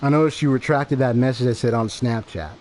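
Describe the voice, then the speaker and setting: A man's voice: mid-range voice, a little fast, darkish tone. A man livestreaming a game, talking casually to his chat in a rambling, repetitive way as he explains himself. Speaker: game streamer. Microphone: desk microphone.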